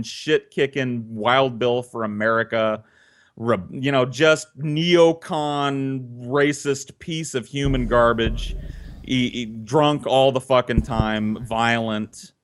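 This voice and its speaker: A man telling a story casually, animated and profane, laughing often. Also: medium pitch, slow pace. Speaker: podcast storyteller.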